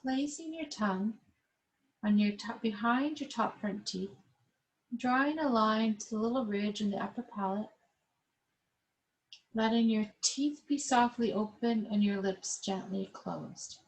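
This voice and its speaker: A woman yoga instructor leading a class over a webcam, giving calm, slow guided instructions. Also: fairly high pitch, low-quality recording.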